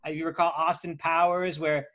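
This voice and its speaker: High-voiced man, halting with fillers. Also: little pitch movement, fairly bright tone. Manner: halting, filler-heavy, questioning. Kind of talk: casual comedy panel chat.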